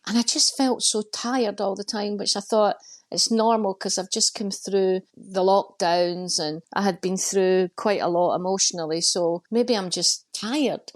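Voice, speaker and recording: A woman's voice: medium pitch, a little slow. A middle-aged Scottish woman in an interview, telling stories with dry humor and acting out the voices she quotes. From Scotland. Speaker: comedian guest. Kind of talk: candid interview storytelling.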